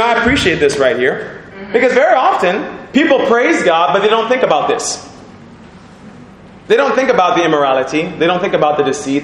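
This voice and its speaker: A man preaching a lively sermon in a church, animated, breaking into sung lines and laughter, asking the congregation questions. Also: on the high side, slight background noise. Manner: animated, sings snatches, laughs, asks the crowd questions. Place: church hall. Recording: echoey church with congregation responding.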